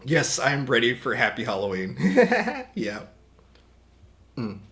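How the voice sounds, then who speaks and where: Slightly hoarse man chatting on stream. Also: mid-range voice, wildly swooping pitch, slow pace, fairly bright tone. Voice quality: rambling, many restarts and repeated words. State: a little hoarse. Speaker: livestream host. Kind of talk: casual stream chat.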